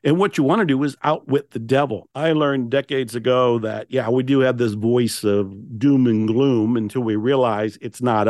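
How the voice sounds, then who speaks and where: A man's voice: medium pitch, dry recording. Older guy, podcast guest, emphatic storyteller, dry close mic. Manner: animated, emphatic, quotes his own inner voice. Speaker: podcast guest, author and speaker. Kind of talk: storytelling in a conversational interview.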